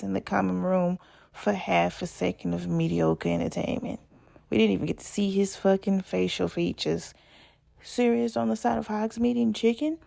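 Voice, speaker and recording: A woman's voice: mid-range voice, fairly even intonation, normal speed, creaky, mellow. A woman ranting casually and profanely, firing off exasperated rhetorical questions.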